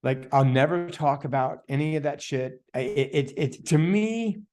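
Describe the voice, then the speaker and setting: A man guest on a podcast, telling a story in a casual, animated way, full of "dude," "man" and "like," and acting out the voices of the people in it. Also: normal speed. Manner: animated, heavy filler words, "dude" and "man"; acts out quoted voices with big pitch jumps. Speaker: podcast guest, energy healer.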